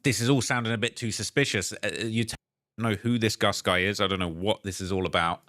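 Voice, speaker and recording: A man's voice: on the low side, fairly even intonation, brisk, a bit bright, no echo, studio quality. A man narrating a commentary video, reading messages and news aloud, hesitant with restarts.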